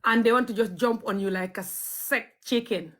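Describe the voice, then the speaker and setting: A woman vlogger from Gambia, speaking with a Gambian accent, chats and tells stories to her followers at a moderate pace. Her voice is a little high. She comes across as blunt and cheeky, and she laughs often.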